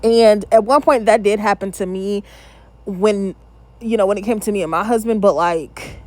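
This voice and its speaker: A woman's voice: mid-range voice, normal speed, a little mellow, no echo. A woman in her thirties hosting her own channel, giving casual, candid reaction commentary with plenty of opinionated asides. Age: 30s.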